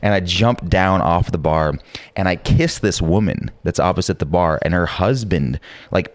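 A young man telling a rowdy anecdote in casual chat, swearing freely, full of filler words, and jumping into high voices for quoted lines. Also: moderate pace, no room sound.

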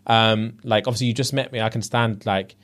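Speaking a little fast in a fairly low voice, a male podcast co-host casually recaps a reality show. He's an animated storyteller who acts out quotes and leans heavily on slang.

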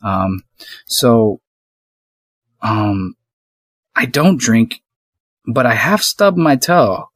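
A man being interviewed on a podcast, gracious and quick to laugh. His voice is mid-pitched, and the sound is dry and close. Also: sing-song, dry recording. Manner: warm, gracious, laughs easily. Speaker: guest voice actor.

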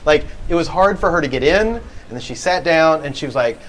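At a live event venue, a male podcast co-host tells a story in a laughing, goofy way during casual live chat. His fairly high voice is expressive and brisk, and the poor audio carries a slight hiss or hum.

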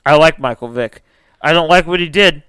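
Bright, heated young man ranting. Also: on the high side, moderate pace, clear, resonant tone, no room sound, rough recording. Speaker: podcast co-host. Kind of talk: casual podcast banter. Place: his own house. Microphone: own microphone by a laptop.

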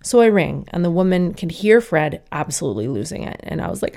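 A woman's voice: on the low side, sing-song, a little fast, vocal fry, hardly any pauses, warm tone. A young woman telling a candid, swearing personal story as a casual monologue and acting out the people she quotes.

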